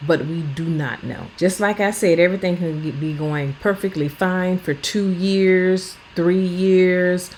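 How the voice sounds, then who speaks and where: A woman's voice: lowish voice, fairly even intonation, unhurried, hardly any pauses, a little mellow, slight background noise, rough recording. A woman in her fifties, a vlogger talking at home while she cleans, earnest and blunt in a plainspoken way. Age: 50s. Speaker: lifestyle vlogger. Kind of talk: casual talk while cleaning.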